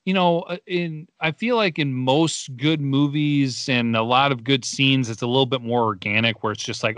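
A man's voice: medium pitch, normal speed, hardly any pauses, a bit bright, no echo, clean studio sound. A young man co-hosting a podcast, chatting casually and laughing often as he retells movie scenes. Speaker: podcast co-host. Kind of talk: casual movie review chat.

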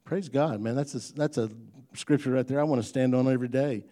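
A man's voice: medium pitch, brisk, dark tone. Folksy man preaching a sermon. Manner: folksy, conversational preaching with humor and rising emphasis. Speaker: pastor.

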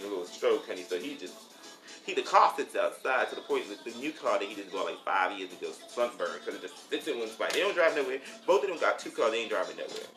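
Man, casual storytelling, sassy and profane, lively swooping pitch, roomy echo. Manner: sassy, profane, animated, calls listener honey and child. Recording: roomy echo with faint music.

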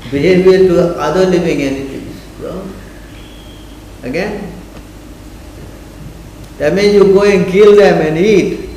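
A man gives a scripture class lecture in a high-pitched, warm, steady voice, speaking slowly with long pauses. He prods listeners with repeated questions, asking them again and again to answer. The room is echoey with faint noise.

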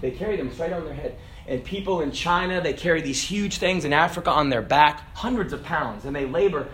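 A middle-aged man preaching a sermon, moving from quiet, chatty asides to loud, shouted preaching. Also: a little high, animated, fairly quick, reverberant.

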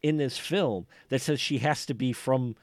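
A man's voice: medium pitch, normal speed, no room sound. A man co-hosting a podcast in casual film review chat, rambling and often restarting and repeating his words. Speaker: podcast co-host.

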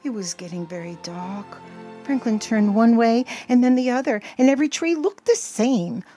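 An older woman gently reading a children's storybook aloud as the show's storyteller. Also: on the high side, faint music behind. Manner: slow, expressive, gentle reading. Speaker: storyteller host.

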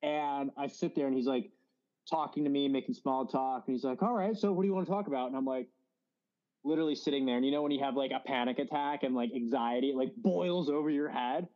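A man's voice: medium pitch, steady tone, a little fast, darkish tone, dull audio. A young man in his twenties telling a rambling story on a casual podcast, full of fillers. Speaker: podcast host. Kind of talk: casual chat.

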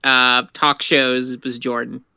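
A man's voice: mid-range voice, little pitch movement, slow pace, creaky, bright, forceful tone, smooth, no room sound, clean studio sound. A man co-hosting a casual podcast, easygoing and a little hesitant. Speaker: podcast co-host.

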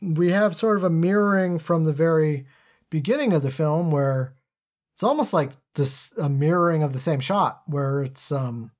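A man hosting a podcast, chatting casually about a movie in a loose, rambling way, with lots of fillers and quick impressions of lines. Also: a little high. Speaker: podcast host. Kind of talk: casual movie-discussion chat.

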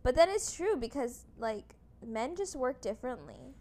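A woman's voice: high-pitched, big pitch swings, moderate pace, dark tone. A young woman co-hosting a podcast in casual chat about dating, easygoing and hedging, with many fillers. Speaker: podcast co-host.

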